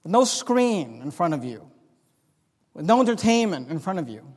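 A man preaching a sermon as pastor, swinging from low confiding talk to loud rising exhortation. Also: very animated, normal speed. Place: church sanctuary. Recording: long reverb of a church hall.

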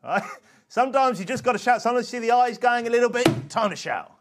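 A man preaching a sermon, dropping to quiet asides and then shouting scripture. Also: extremely high pitch, lively intonation, fast talker, background noise. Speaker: pastor.

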